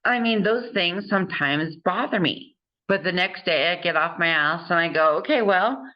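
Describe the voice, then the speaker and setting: Woman host, earnest and encouraging, slow careful speech, muffled lo-fi sound. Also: lowish voice, expressive. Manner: earnest and encouraging, laughs often. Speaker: interview host. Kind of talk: casual conversation.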